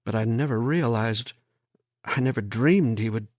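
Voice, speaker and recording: A man voicing a quiet, worn-down middle-aged professor who speaks flatly and distantly. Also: medium pitch, no echo, clean studio sound, natural voice. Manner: flat, distant, halting.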